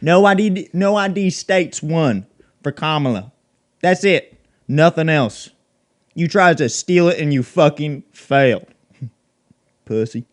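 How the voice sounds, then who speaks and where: A crude, bigoted redneck in a comedy sketch, acted by a man, spitting out taunts and profanity in a loud rant. His voice sits a little high for a man. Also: lively intonation, slow pace, long pauses. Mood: taunting. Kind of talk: comedy sketch role-play.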